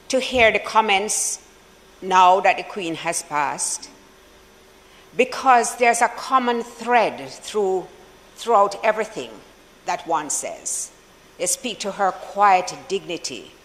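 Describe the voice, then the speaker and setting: Slow, solemn Jamaican senator in a chamber. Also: medium pitch, fairly bright tone, big-room sound, rough recording. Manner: slow, measured and solemn, with deliberate pauses. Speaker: opposition senator. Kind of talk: formal tribute speech in parliament.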